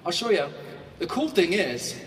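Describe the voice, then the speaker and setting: A man giving a motivational keynote to a large audience. He swings between quiet reflection and shouted bursts, and he acts out quoted voices. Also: sits high, sing-song, normal speed, slight background noise. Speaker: motivational speaker. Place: large hall. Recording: echoey hall from far off.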